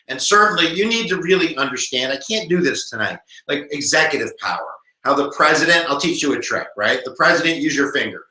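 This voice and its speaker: An American man in his forties, a former history teacher, giving a jokey, animated live exam review to viewers online. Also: on the high side, echoey room, poor audio.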